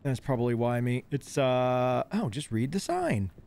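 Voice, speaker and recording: With a darkish tone, vocal fry, and big pitch swings, a medium-pitched man talks at a measured pace while streaming gameplay live. He's on painkillers after dental work, slightly lisping through missing front teeth, giggly and rambling with a wandering focus.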